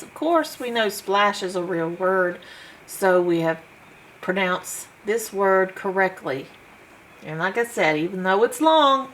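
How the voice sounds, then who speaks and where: A woman teaching a phonics lesson, sounding out letters one by one in a slow, patient way. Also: mid-range voice, a bit bright, slight background noise, low-quality recording. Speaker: homeschool teacher.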